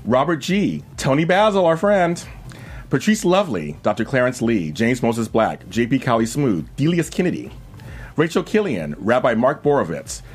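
A man in his fifties hosting a talk show, excitable and quick, often laughing. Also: medium pitch, husky. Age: 50s. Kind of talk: upbeat show host intro and guest roll call.

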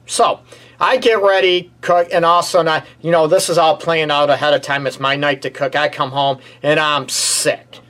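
A man's voice: a little high, flat delivery, normal speed, a bit bright. A man, a relationship counselor hosting a talk show, chatting casually and joking around. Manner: joking, plays out scenarios in a grumpy put-on voice. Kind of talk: casual podcast chat.

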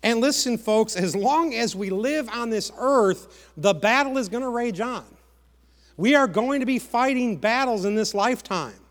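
A man preaching a sermon with passion, repeating words and dropping to a hush to press a point. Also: very high-pitched, animated, moderate pace, long reverb tail. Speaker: pastor.

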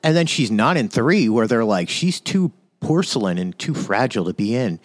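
A man co-hosting a podcast in casual chat, jokey and animated, acting out quotes. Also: mid-range voice, normal speed, dry recording. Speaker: podcast co-host.

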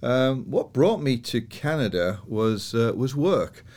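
A man's voice: mid-range voice, very animated, slow, a little mellow. An older man from northern England with a Yorkshire accent, a podcast guest chatting about his life with fillers and easy laughs. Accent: Yorkshire English. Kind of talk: relaxed personal storytelling.

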